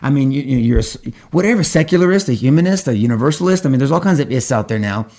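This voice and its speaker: A man co-hosting a faith discussion podcast, telling stories in an animated way with frequent restarts. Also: medium pitch, very fast. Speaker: podcast co-host.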